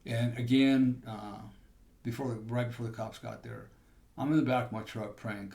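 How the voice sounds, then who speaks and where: A man's voice: mid-range voice, fairly even intonation, moderate pace, creaky, warm tone. A man hosting a podcast, telling a personal testimony in a rambling storytelling way with restarts. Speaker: podcast host.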